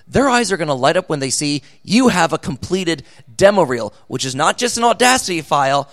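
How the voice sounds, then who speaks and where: A man speaking on a convention panel, giving animated, jokey advice on voice acting. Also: on the high side, fairly quick, hardly any pauses.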